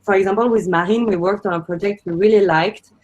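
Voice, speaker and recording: A woman's voice: medium pitch, fairly even intonation, fast talker. A woman founder speaks on a panel, explaining her points earnestly with small fillers. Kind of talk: panel discussion. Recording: muffled lo-fi audio.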